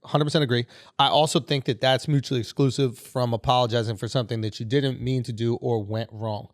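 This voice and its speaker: A man co-hosting a comedy podcast, making his point emphatically and quickly in casual chat. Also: medium pitch, fairly even intonation. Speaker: podcast co-host.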